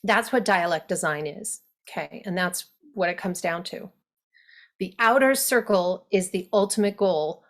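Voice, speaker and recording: A woman's voice: on the low side, unhurried. A woman dialect coach giving an online workshop lecture to actors, explaining and demonstrating accent sounds.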